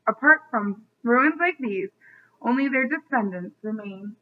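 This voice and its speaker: An eager boy guide explaining history in a storybook, read by a woman. The voice sits fairly high and comes through thin and phone-like. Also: lively intonation, unhurried, slight background noise. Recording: tinny phone-like line.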